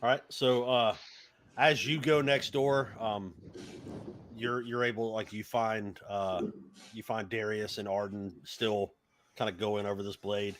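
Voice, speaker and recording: Easygoing male game master for a tabletop game, low voice, halting delivery. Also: steady tone, a bit bright, a little hiss or hum. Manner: easygoing, halting, many fillers.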